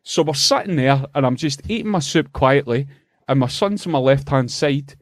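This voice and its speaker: A middle-aged Scottish man tells a long story on a podcast, swearing freely and laughing through it. His voice sits at a medium pitch. The sound is close and dry, with no room echo. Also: lively intonation, normal speed. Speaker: podcast co-host. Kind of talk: casual storytelling chat.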